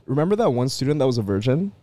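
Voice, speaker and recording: A man co-hosting a podcast, telling anecdotes in a relaxed, casual way. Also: mid-range voice, very fast. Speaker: podcast co-host.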